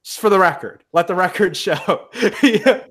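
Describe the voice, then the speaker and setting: A man's voice: high-pitched, expressive, measured pace, a bit bright, slightly rough. A young man talking casually in a podcast conversation, frank and emphatic, with frequent swearing. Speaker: podcast guest. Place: in the US Midwest.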